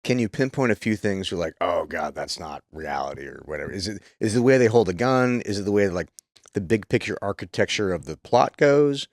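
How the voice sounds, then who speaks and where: Lively low-voiced podcast host. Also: male voice, a little fast, no room sound, clean studio sound. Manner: casual, swears, rambling questions. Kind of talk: casual podcast interview.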